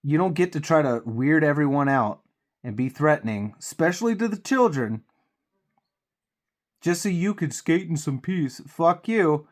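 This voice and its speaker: A man's voice: a little high, lively intonation, moderate pace. Man ranting with a stuffy nose. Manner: profane, heated venting. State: congested with a cold. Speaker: miniature painting channel host. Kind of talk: ranting while painting.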